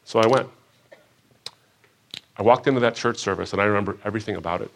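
Speaking fast with some vocal fry, a man shares his personal faith story before a live audience. When quoting people he goes higher and louder, and at emotional points he sinks low and quiet.

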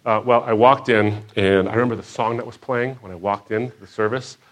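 A man telling his personal faith story to a live audience. He acts out what people said in a higher, louder voice and drops low and quiet at the emotional moments. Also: fairly even intonation, brisk.

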